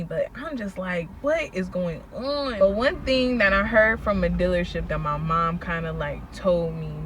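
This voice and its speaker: A woman telling a personal faith story in a casual vlog, slangy and animated as she recounts events. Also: medium pitch, slight background noise. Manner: animated storytelling, acts out quoted people, slangy. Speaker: faith vlogger.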